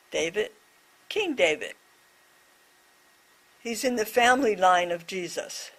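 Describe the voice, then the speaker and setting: A woman voicing a deaf presenter's signed reflection on a scripture story, speaking in short, measured phrases. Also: mid-range voice, lively intonation, fairly bright tone, husky.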